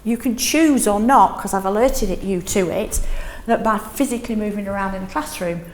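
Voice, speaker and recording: A middle-aged woman leading a teaching workshop in a classroom, lively, often checking in with "yes?". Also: medium pitch, a little fast, echoey room, slight background noise. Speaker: teaching trainer.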